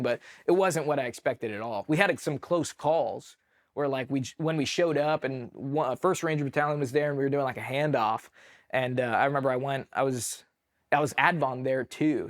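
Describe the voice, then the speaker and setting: A man with a mid-range voice tells stories from his army deployment as a podcast guest. He rambles casually, stacking "like" and restarting sentences as he goes. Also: medium pitch. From United States. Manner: rambling, filler-heavy, lots of "like". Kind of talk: casual war storytelling.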